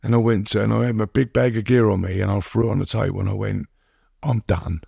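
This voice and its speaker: Gravelly low-voiced man. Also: little pitch movement, mellow, no echo, studio quality. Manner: halting, repeats words, many "you know what I mean". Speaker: podcast guest. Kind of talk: candid recovery interview.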